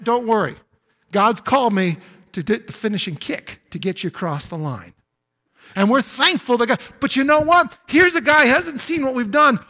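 A man's voice: very high-pitched, pushed and bright, big-room sound. A man pastor preaching a sermon, building to emphatic exclamations. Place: church sanctuary.

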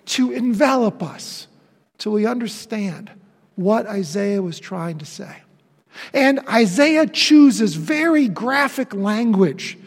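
A man with a high voice preaches a sermon in a church sanctuary, slow and deliberate. He leans on dramatic pauses and swings from ringing declarations to near-whispered phrases. His words trail off into the long reverb of the hall. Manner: emphatic, with dramatic pauses and swings from loud to hushed. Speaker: pastor.

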